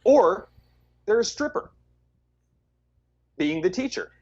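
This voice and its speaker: A husky-voiced man co-hosting a movie review podcast in a casual, blunt, sarcastic way, swearing freely. His voice moves lively up and down, and the recording sounds dull and lo-fi. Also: sits high, slow pace. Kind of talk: casual chat.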